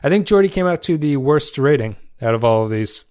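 A man's voice: mid-range voice, animated, a little fast, a little mellow, clean tone. A man hosting a solo review podcast, talking in a loose conversational way with frequent fillers and restarts. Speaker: podcast host.

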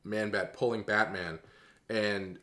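Low-voiced man in casual chat. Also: takes it slowly. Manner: relaxed, thoughtful, trailing off mid-sentence. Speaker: podcast co-host. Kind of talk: casual chat about a cartoon.

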